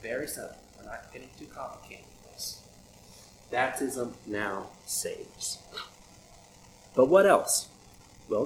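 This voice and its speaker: A man preaching a sermon in a conversational way, asking many rhetorical questions. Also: medium pitch. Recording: echoey room with audible background noise.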